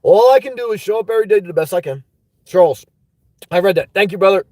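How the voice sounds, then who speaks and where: A middle-aged man from the United States hosting a casual livestream, rambling and joking, breaking into shouts. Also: high-pitched, animated, fast talker, poor audio. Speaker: livestream host.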